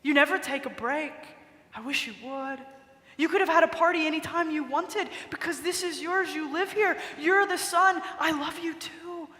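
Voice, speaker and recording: A tender older father speaks softly and pleadingly to his son, as a woman preacher puts him on. The voice rings in a long church reverb and is bright in tone. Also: high voice, moderate pace, pitched above the performer's own voice. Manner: soft, gentle, pleading.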